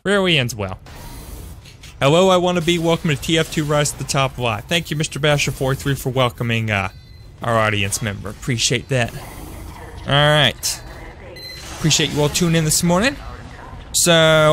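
A man's voice: a little high, fairly bright tone, a little hiss or hum. A young man streaming a shooter game live, chatting upbeat with his viewers and greeting them by name, often correcting himself mid-sentence. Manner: self-correcting, trails off with fillers. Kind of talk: live-streamed gameplay commentary.

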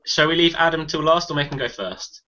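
A man hosting a casual panel chat, brisk and teasing. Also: a little high, lively intonation, crowd noise. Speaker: host. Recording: muffled audio with faint hiss.

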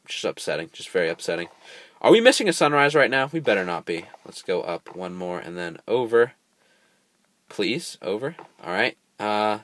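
A young gameplay commentator with a low, bright, forceful voice gives casual let's play commentary at normal speed, very animated throughout. He chats with viewers and erupts in frustrated outbursts when the game goes wrong; the recording is dry.

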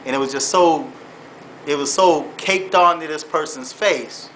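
A man vlogging, telling a personal dream earnestly and haltingly, repeating himself and moving into faith-based encouragement. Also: a little high, fairly bright tone, slight background noise, poor audio. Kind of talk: personal storytelling turning into faith-based exhortation.

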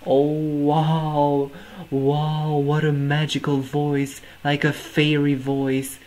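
A man's voice: on the high side, monotone, extremely slow, poor audio. A man hosting a music reaction video, gushing over the performance and exclaiming over and over in amazement. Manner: effusive, keeps exclaiming "oh my god". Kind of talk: reaction commentary.

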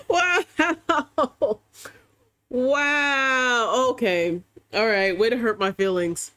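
A woman gamer doing let's-play commentary at a desk mic, excitable, yelling commands at the game and bantering in casual slang. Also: fairly high pitch, very slow, no room sound.

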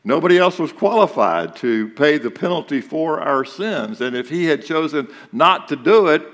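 A man's voice: fairly high pitch, animated, moderate pace, fairly bright tone, big-room sound. A male pastor giving a sermon, talking conversationally and asking the congregation rhetorical questions. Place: church sanctuary.

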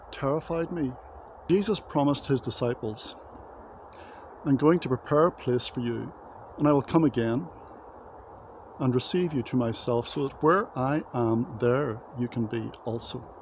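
Slow, reflective man speaking to children. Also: mid-range voice, slight background noise. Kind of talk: devotional talk to children.

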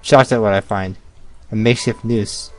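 A let's-play gamer with a lowish, darkish voice reads a visual novel's narration and dialogue aloud on video at a normal speed and steady tone. He stops now and then to react and crack jokes while faint music plays behind him.

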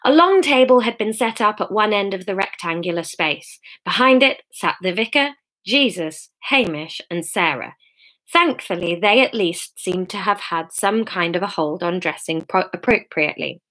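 A woman shares her own comic novel by reading it aloud on a live stream from home, laughing at her mistakes and chatting lively in between. She has a medium-pitched voice and keeps a moderate pace.

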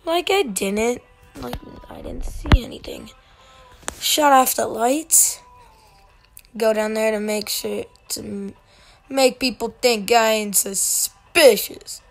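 A woman's voice: a little high, slow pace, gravelly, long pauses, soft background music. A woman giving casual gameplay commentary, playful, making beeping sound effects and dropping whispered asides.

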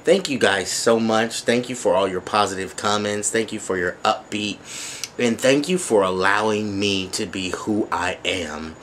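A male vlogger with a very low, deep voice, gushing his thanks in a loose, chatty way. He sits at home and fills his pauses with ums and likes. There is a faint hum of noise behind him. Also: fairly bright tone. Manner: gushing, grateful, chatty with many fillers. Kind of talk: casual thank-you vlog. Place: at home, sitting.

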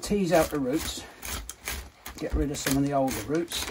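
A man's voice: on the high side, normal speed. Blunt man with a noisy outdoor sound. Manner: blunt, swears freely. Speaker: nursery owner. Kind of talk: casual chat. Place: outdoors at a hillside nursery.

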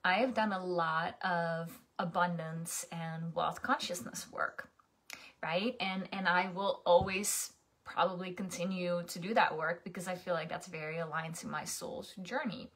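A woman's voice: lowish voice, steady tone, unhurried, a bit bright. A young adult woman coaching in a casual, chatty monologue, often restarting and asking "right?".

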